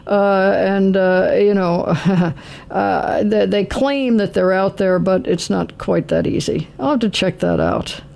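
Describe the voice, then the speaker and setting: A radio host talks casually on air with a caller, musing aloud. The voice sits at a middle pitch. Sentences break off and restart as the host works through a thought. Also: slow pace, creaky, darkish tone.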